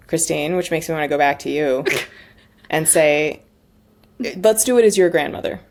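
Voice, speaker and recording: A woman with a notably low voice chats as a podcast guest, thoughtful and easygoing. She often backs up mid-sentence and restarts her thoughts. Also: normal speed, darkish tone, a little hiss or hum. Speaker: guest, author and audiobook narrator. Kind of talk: casual podcast chat.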